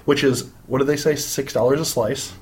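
A man's voice: mid-range voice, steady tone, normal speed, darkish tone, slight background noise. An American man co-hosting a casual gossip podcast with his wife, rambling, swearing freely and laughing often. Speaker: podcast co-host. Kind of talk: casual chat.

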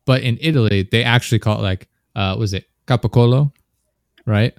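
A man's voice: mid-range voice, fairly quick, clear, resonant tone, dry recording, clean studio sound. A young man, hosting a podcast in casual chat and rambling through stories with lots of fillers. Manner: rambling, filler-heavy storytelling. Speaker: podcast host.

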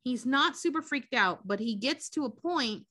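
A woman co-hosting a podcast tells a movie plot in loose, profane, animated chat. Her voice is bright and sits a little high. The sound is dry and close, with no room around it. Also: moderate pace, no room sound. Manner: profane, animated retelling with quoted character voices. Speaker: podcast co-host. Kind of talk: casual chat recapping a movie.

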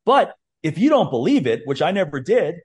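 A man's voice: sits high, big pitch swings, fairly quick, a little mellow, slightly rough. A man hosting a podcast, talking candidly and rambling, with frequent swearing and restarts. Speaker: podcast host. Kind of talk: casual podcast chat.

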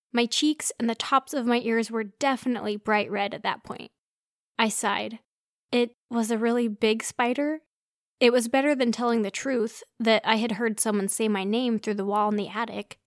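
A woman's voice: fairly high pitch, fairly even intonation, moderate pace, no echo, studio quality. Young woman narrating a story. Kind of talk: first-person story narration.

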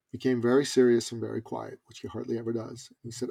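A business coach appears as a guest on a conversational interview, telling a story with lively asides and casual fillers. His medium-pitched voice is husky with vocal fry, and he talks fast with few pauses.

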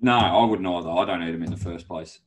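An Australian man co-hosts a casual podcast chat, laughing a lot and teasing as he tells stories. His voice is low-pitched and his pace quick.

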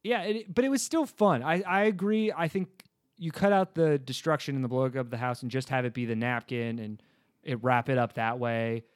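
Male podcast host, mid-pitched, loose and rambling delivery, dry booth sound. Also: a little fast, dry recording. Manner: relaxed, rambling, laughs often. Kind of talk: casual movie review chat.

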